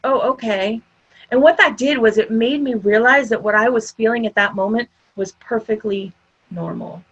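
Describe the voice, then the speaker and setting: A woman with a fairly high voice gives an upbeat, conversational motivational talk and speaks straight to her listeners. The sound is dull and lo-fi, like an online summit session. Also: moderate pace, slightly rough. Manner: upbeat, conversational, addresses audience directly.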